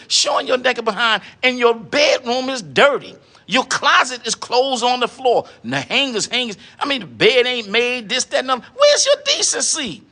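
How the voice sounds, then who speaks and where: A man's voice: very high voice, sharp tone. A man from New Jersey delivering a preachy monologue to camera, lecturing with pointed rhetorical questions. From Newark, New Jersey. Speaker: vlogger.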